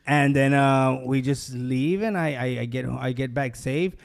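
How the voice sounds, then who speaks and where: A man's voice: medium pitch, steady tone, unhurried, vocal fry. A young man hosting a podcast, telling a story in casual chat, swearing freely and acting out other people's lines. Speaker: podcast host.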